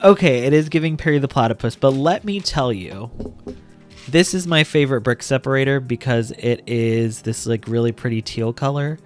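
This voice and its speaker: A man's voice: mid-range voice, normal speed, darkish tone, soft background music. A man hosting a casual LEGO building vlog, chatting playfully with self-mocking jokes and rambling asides. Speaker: LEGO building channel host.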